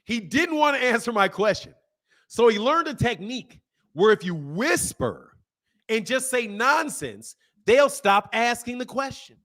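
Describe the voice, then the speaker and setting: A man hosting a boxing channel, talking casually to his camera in animated, slangy commentary with frequent laughter. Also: very high voice, a little slow. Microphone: camera mic.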